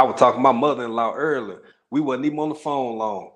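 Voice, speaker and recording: A man's voice: medium pitch, quick pace, hardly any pauses, a bit bright. Chatty East Texas man hosting a livestream. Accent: East Texas Southern. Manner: loose and chatty, greeting viewers by name with Southern slang. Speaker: livestream host. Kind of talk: casual livestream chat.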